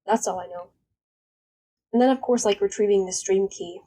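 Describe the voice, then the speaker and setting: A woman's voice: mid-range voice, normal speed, warm tone, low-quality recording. A young woman streamer chatting casually and rambling bluntly, swearing now and then. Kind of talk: casual live-stream chat.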